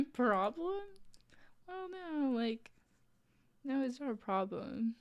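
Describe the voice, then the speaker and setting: A woman streamer chatting casually with her viewers while crocheting, playful and quick to laugh. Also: sits high, very animated, dull audio. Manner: playful, laughs often, reads chat aloud.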